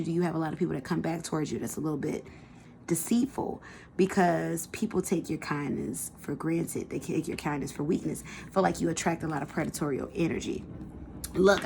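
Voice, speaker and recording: Woman, tarot reader, gravelly, chatty, faint background noise. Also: fairly low pitch, darkish tone. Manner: chatty, colloquial, addresses viewers directly. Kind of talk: casual pick-a-card tarot reading.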